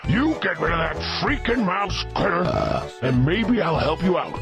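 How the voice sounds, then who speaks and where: A man's voice: sits high, very animated, normal speed, over music. An actor playing a grumpy, deaf old man in a video game, blustering and cranky.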